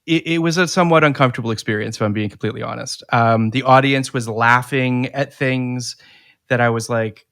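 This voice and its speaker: A podcast host with a mid-range, slightly bright voice talks casually and opinionatedly at a fairly quick pace. He often restarts his sentences and repeats words.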